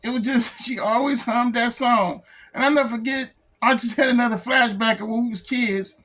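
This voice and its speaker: A man who is a comic book artist, talking in an emotional personal vlog, close to tears, halting and repeating himself. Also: very high-pitched, fairly bright tone. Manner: halting, repeats phrases, says "man" a lot. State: tearful, close to crying.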